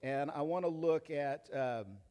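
A man preaching a sermon as pastor, reading scripture quietly and then driving his points home loudly. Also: on the high side, a little slow, clean tone, long reverb tail. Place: church sanctuary.

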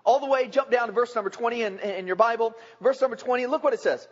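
A man with a strikingly high voice preaches a sermon, folksy and joking, chatting with the congregation as he goes. The recording is dull and lo-fi, with a long reverb from a large church hall. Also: fast talker.

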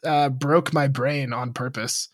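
A young man with a steady, medium-pitched voice, recorded in a clean studio without echo. He co-hosts a casual podcast, joking around, laughing often, and acting out quoted lines.

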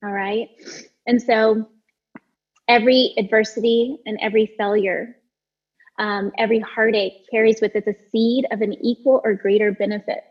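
A woman's voice: on the high side, fairly even intonation, normal speed, husky, muffled recording. A woman teacher giving an earnest motivational talk on a call, telling a personal story with many restarts.

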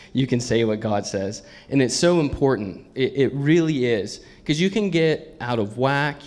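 A man's voice: mid-range voice, a little mellow. A man preaching a sermon in an earnest, conversational way, often laughing as he talks.

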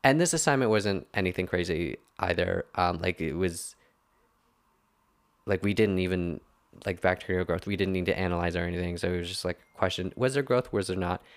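A man's voice: sits low, a little fast. Rambling young man ranting on a podcast. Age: young adult. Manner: rambling, heavy filler words, self-correcting. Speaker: podcast host. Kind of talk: casual podcast rant.

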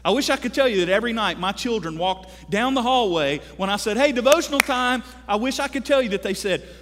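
A man in his thirties preaching a sermon to a congregation, animated and joking, calling out to the crowd for responses. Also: high-pitched, fast talker, noisy background. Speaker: pastor. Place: large church hall. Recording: long hall reverb from a church.

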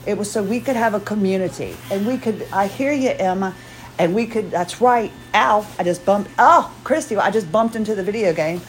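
A woman's voice: mid-range voice, fairly quick, a little hiss or hum. A woman hosting her own podcast, chatting in a rambling, self-deprecating way while tired and moving carefully at home. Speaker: podcast host. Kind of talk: casual personal monologue. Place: home, house chores around her.

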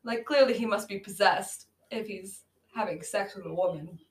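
A woman's voice: medium pitch, moderate pace. A woman co-hosting a casual movie-review podcast, recapping a bad film with sarcasm, frequent laughter and swearing. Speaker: podcast co-host. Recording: echoey room, amateur audio.

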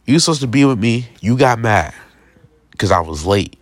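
A man's voice: medium pitch, lively intonation, normal speed, no room sound. A young man in a casual, slangy vlog rant, aggrieved and repetitive, often checking in with the listener. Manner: slangy, repetitive, aggrieved, keeps asking "you feel me". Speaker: vlogger. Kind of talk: casual straight-to-camera rant.

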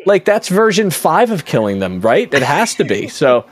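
A man's voice: a little high, sing-song, moderate pace, slight background noise. A man hosting a casual podcast chat, talking chattily with lots of fillers and frequent laughs. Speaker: podcast host.

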